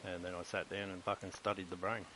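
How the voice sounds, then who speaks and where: A middle-aged Australian man with a very low voice rambles through a blunt, swear-heavy monologue, retelling his own conversations. A steady hiss sits under the recording. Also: fast talker. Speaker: live streamer.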